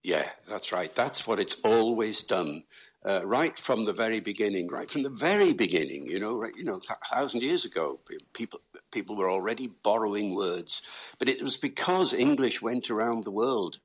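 Husky-voiced British man explaining accents. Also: fairly low pitch, lively intonation, moderate pace. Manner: storytelling, lecturing. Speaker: guest linguist. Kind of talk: explanatory interview talk.

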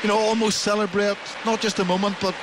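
A man's voice: sits high, little pitch movement, background noise. A man giving rugby co-commentary, admiring and talking at pace. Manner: admiring, quick. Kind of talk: live rugby analysis. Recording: archive broadcast with loud stadium crowd.

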